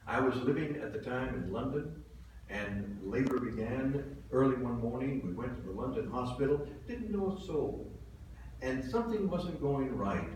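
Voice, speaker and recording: A man in his seventies, a pastor delivering a sermon, telling stories earnestly and swinging between soft and loud. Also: mid-range voice, lively intonation, moderate pace, recorded from a distance. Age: 70s. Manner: earnest storytelling, swelling and dropping in volume. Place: church sanctuary. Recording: very echoey hall from afar, faint hiss.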